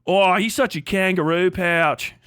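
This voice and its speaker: American guy doing a silly bloke with a fake british-australian accent, sing-song, exaggerated, high, dry sound. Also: measured pace, fairly bright tone, smooth, no room sound. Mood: mocking.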